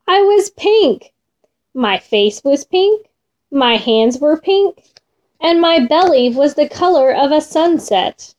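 A woman reading a children's storybook aloud in an expressive, gentle way. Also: sits high, takes it slowly, dull audio.

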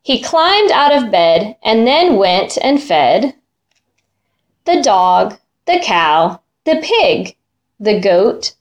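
Slow, sing-song woman reading a picture book. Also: mid-range voice, very animated. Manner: sing-song, drawn out, imitates animal sounds. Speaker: storyteller.

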